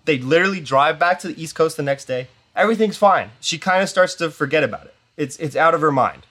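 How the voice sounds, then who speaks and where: A man's voice: fairly high pitch, quick pace. A young man hosting a podcast, telling a story casually and rambling, with lots of "like" and quoted voices. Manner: rambling, filler-heavy with constant "like"; animated retelling with quoted voices. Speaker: podcast host.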